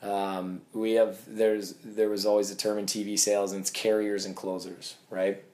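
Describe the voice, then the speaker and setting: A man as a podcast guest, telling sales stories in a casual, animated way and acting out bits of dialogue. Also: fairly low pitch, moderate pace. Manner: animated storyteller, acts out quoted dialogue. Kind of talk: casual interview talk.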